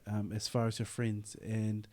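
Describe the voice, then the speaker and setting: A man's voice: on the low side, monotone, unhurried, a little mellow. A man hosting a podcast, reflecting back on the guest's story and restarting his words often. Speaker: podcast host. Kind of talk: casual interview talk.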